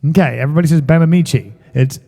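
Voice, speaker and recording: Chatty music-stream host, a man with a high voice and a guitar behind him, some hall reverb. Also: animated, normal speed. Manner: chatty, joking, greets viewers by name. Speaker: musician and livestream show host. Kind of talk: casual chat with viewers.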